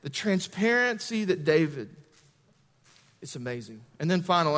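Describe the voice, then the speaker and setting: A man's voice: a little high, very animated, moderate pace, fairly bright tone, in a large hall, faint music behind. A man preaching a sermon as a pastor, conversational and building to emphatic peaks.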